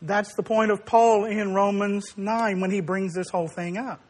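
A man preaching a sermon, emphatic and rising to forceful declarations, acting out quoted dialogue as he tells a story. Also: sits high, fairly even intonation, moderate pace.

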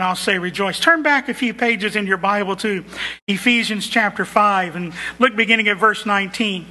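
A male preacher with a very high, bright voice delivers a sermon slowly and emphatically, repeating phrases for weight. His words ring out with the long reverb of a large church hall.

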